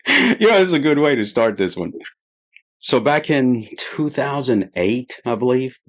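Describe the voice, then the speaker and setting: A man's voice: medium pitch, big pitch swings, unhurried. A middle-aged man from the Middle East, a podcast guest, telling a story in a chatty way, laughing often and trailing off into fillers. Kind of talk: casual storytelling.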